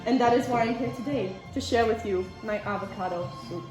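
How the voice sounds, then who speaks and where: Young woman, high voice, hamming up a tragic sob story, echoey room w music. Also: a little fast. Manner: overblown, tragic storytelling for laughs. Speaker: contestant in a comedy cooking video. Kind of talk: mock-dramatic comic monologue.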